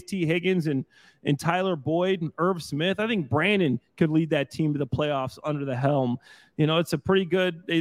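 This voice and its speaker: A man who played pro football, talking loosely and excitedly in bursts, with restarts, on a sports panel. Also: fairly high pitch. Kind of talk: casual sports chat.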